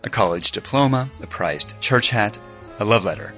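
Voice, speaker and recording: Low-voiced male radio news reporter. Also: faint music behind. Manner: measured, even storytelling delivery. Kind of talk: scripted news narration.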